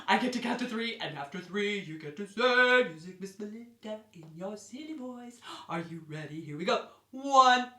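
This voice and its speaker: Woman, kids' ballet teacher, slow deliberate delivery, roomy distant sound, faint music behind. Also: medium pitch. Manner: animated, gasping, cheerful counting for small children. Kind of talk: children's ballet class instruction.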